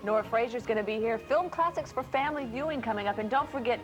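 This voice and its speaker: A woman from South Carolina with a Southern accent, co-hosting a TV talk show with teasing, quick banter. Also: fairly high pitch, music in the background. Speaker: TV show co-host.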